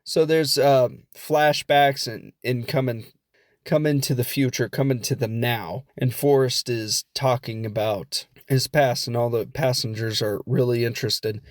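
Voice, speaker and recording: A man with a Midwestern American accent recaps a film on his podcast in a loose, rambling, joking way, often poking fun at himself. His voice sits at a middling pitch for a man. The sound is dry and close, with no room around it. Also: fairly even intonation, unhurried, no echo. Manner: rambling, jokey, self-deprecating. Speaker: podcast host. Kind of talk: casual comedic film recap.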